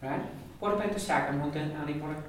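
A man teaching a pronunciation class, repeating words slowly for students to drill. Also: on the high side, slight background noise. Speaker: Irish language teacher. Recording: echoey room, distant mic.

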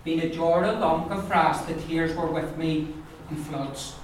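A woman teaching a language class, patiently repeating words slowly for her learners. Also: sits low, steady tone. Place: classroom or meeting room. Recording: roomy echo, mic far off, class noise behind.

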